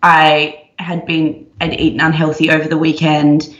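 A young woman co-hosting a podcast, chatting casually and emphatically, talking in quick bursts. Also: sits low, completely flat delivery. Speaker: podcast co-host. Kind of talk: casual chat. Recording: muffled, roomy sound.

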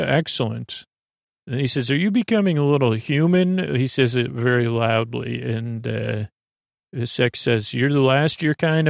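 A man hosting a sleep podcast, retelling a TV episode in a low-key, drowsy ramble full of ums, likes and restarts. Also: gravelly, dry recording, studio quality. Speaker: podcast host.

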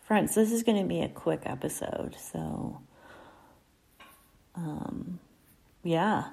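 A woman hosting a casual podcast, telling creepy stories in a laid-back, chatty way and sometimes dropping into a soft whisper. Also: fairly low pitch, lively intonation, very slow, gravelly, long pauses. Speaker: podcast host.

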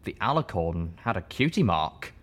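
Low-voiced man reading an audiobook. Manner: steady, measured first-person reading. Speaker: audiobook narrator. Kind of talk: audiobook narration.

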